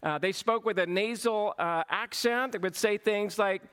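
A man's voice: sits high, moderate pace, a bit bright, clean tone. A middle-aged man with a Southern US accent from Georgia, preaching a sermon in a folksy, humorous storytelling manner. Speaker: pastor.

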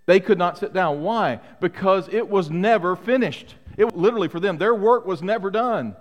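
A man's voice: sits high, moderate pace. A middle-aged man preaching a sermon to his congregation, emphatic and full of rhetorical questions. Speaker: pastor. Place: church sanctuary. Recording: long hall reverb.

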